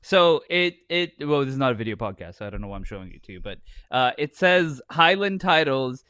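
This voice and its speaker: Lively bright-voiced man, slow and rambling. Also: mid-range voice, clear, resonant tone, no echo. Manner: rambling, swearing, laughing often. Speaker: podcast co-host. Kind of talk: casual podcast banter.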